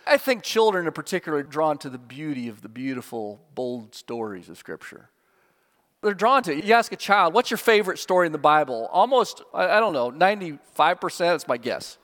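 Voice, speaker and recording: Guy preaching a sermon, kinda high voice, big swings up and down, echo tail from the hall. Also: normal speed. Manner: animated, rising to high emphatic peaks and dropping low at phrase ends; chuckles now and then while telling stories.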